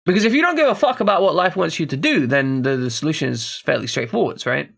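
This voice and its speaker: A man's voice: fairly high pitch, expressive, quick pace, creaky, fairly bright tone, slight background noise. A man streaming a video game, thinking aloud in a puzzled, casual way with profane asides. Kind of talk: casual gameplay commentary.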